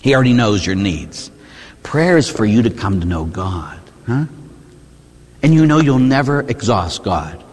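A low, husky-voiced priest delivers a conversational sermon, his pitch swinging widely as he prods the congregation with quick rhetorical questions. The long reverb of a large hall trails after his words. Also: very animated, darkish tone. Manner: asks the listeners short rhetorical questions, often ending with "huh?"; acts out prayers and people's complaints in changed voices. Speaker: Catholic priest.

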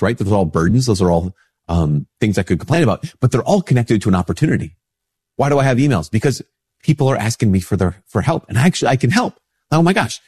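A middle-aged priest hosting a casual spiritual talk, stuffy-nosed from a cold, chatting easily and acting out little dialogues. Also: male voice, a little mellow, breathy edge. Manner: conversational, acts out little dialogues with rising pitch. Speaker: priest and show host.

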